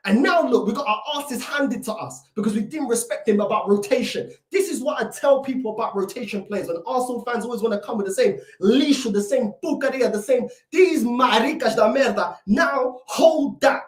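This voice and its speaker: A woman's voice: a little high, brisk, few pauses. A woman delivering a fuming, repetitive rant as a football fan reacting to a match. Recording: echoey room, mic at a distance.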